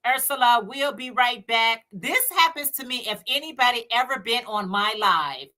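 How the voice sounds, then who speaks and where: Woman, Chicago accent, casual livestream co-host, higher voice, chatty. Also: bright, forceful tone. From United States. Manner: chatty, laughs often, talks to viewers directly. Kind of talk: casual livestream chat, reading viewer comments.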